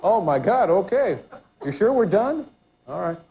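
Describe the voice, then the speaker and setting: A man's voice: high voice, very animated, a little slow, a little hiss or hum. A man hosting a quiz segment on a talk show, teasing his contestant in rambling, joking banter. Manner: teasing, rambling, with many restarts. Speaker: talk show host running a quiz bit. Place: TV studio with a live audience. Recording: muffled broadcast audio with loud crowd.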